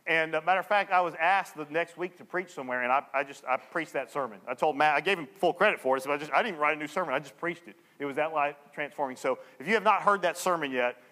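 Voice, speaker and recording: A male pastor preaching a sermon, telling a story and acting out the people in it with lively energy. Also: fairly high pitch, quick pace, few pauses, big-room sound. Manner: animated storyteller acting out dialogue.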